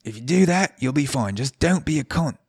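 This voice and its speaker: A man voicing a rowdy male bartender in a deliberately bad Australian accent, barking out house rules. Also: expressive, gravelly, husky, no echo, clean studio sound. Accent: bad put-on Australian. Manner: loud, barking, high-pitched.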